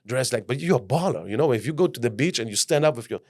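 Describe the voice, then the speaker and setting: Fast-talking man telling animated stories. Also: mid-range voice. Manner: animated, acts out quotes with lots of "bro" and "like". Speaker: guest, self-leadership coach. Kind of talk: casual podcast storytelling.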